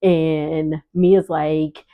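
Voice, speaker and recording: A woman's voice: sits low, flat delivery, drawn-out words, narrow, tinny audio. A woman vlogger talks through a reality show episode from the sitting area of her home kitchen. She is chatty and sassy, breaking into laughs as she goes. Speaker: recap vlogger. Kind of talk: casual reality TV recap.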